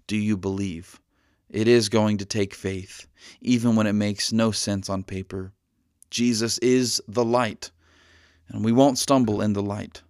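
A man with a fairly low voice preaches an earnest sermon. He slows down to lean on the key lines. The sound is dry and close, with no room around it. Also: no echo. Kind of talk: podcast sermon.

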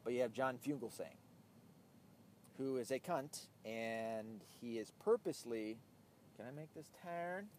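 A man's voice: mid-range voice, expressive, unhurried, darkish tone. A man hosting his own show, ranting bluntly and profanely in casual talk while he drives a car. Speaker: podcast host. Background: faint vehicle noise.

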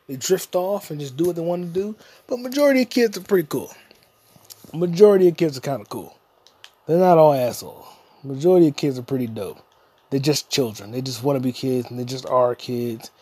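Fairly high-pitched and expressive, his mellow, husky voice moves fairly quickly over a dry recording. Hosting a podcast alone, he rambles through a profane, jokey rant, breaking into bits of song.

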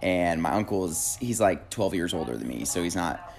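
A woman's voice: a bass voice, animated, normal speed, darkish tone. A woman in casual chat, telling funny family stories with lots of fillers and laughter. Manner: laughing storyteller, many fillers.

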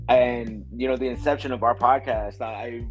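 A laid-back male guest chats about growing up, laughing easily as he goes. His voice is mid-pitched and relaxed. Faint music plays in the background. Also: moderate pace, poor audio. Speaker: podcast guest. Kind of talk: casual chat.

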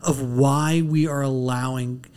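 A man's voice: mid-range voice, steady tone, takes it slowly, darkish tone, smooth. A tired man co-hosting a podcast, ranting bluntly and swearing often in casual chat. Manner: profane, blunt rants with restarts. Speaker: podcast co-host.

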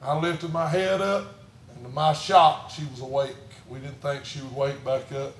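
A middle-aged man preaching a sermon as pastor, swinging from hushed storytelling to shouted preaching. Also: a little high, steady tone, normal speed, reverberant, slight background noise. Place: church sanctuary.

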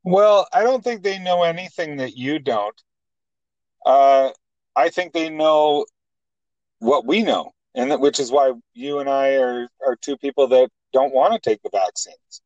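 Halting man, dry sound. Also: medium pitch, a little mellow, no echo, muffled recording. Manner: halting, many fillers and restarts. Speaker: co-host. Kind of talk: casual political talk.

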